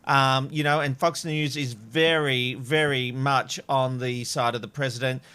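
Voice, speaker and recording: A man hosting a casual panel talk show, animated and reading out quotes. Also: mid-range voice, measured pace, clear, resonant tone. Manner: animated, reads out quotes, laughs between lines. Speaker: host.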